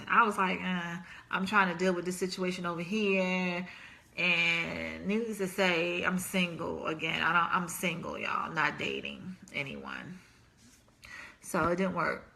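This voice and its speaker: A woman's voice: mid-range voice, gravelly, pushed and bright. A woman hosting a live relationship stream, chatting casually and laughing as she reads viewer comments aloud.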